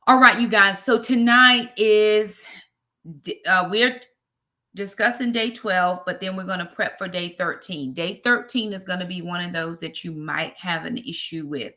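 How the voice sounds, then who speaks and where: A woman's voice: lowish voice, measured pace, pushed and bright. A woman with a Southern US accent hosting a ministry livestream, chatting casually and greeting viewers by name. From Brooklyn, New York.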